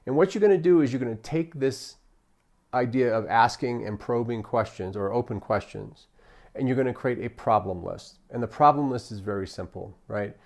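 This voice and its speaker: A man's voice: medium pitch, moderate pace, a little mellow. A man giving a customer service training talk, often checking in with "right?" and acting out what customers and staff say. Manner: coaching, repeats "right?" often, acts out customer quotes. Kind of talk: training lecture.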